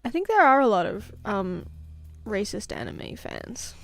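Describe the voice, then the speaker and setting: Drawing on a live stream, a woman with a non-American English accent talks in a very animated, medium-pitched, slightly bright voice, a little slow. She's chatty and jokey, laughing often and using fillers, with faint music behind and no echo.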